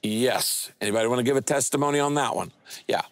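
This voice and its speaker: A male pastor delivering a sermon in a mid-range voice with a dry, close sound. He preaches emphatically and keeps quizzing the congregation. His pitch and pace swing for emphasis. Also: quick pace, no room sound, faint music behind. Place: church stage speaking to several campuses.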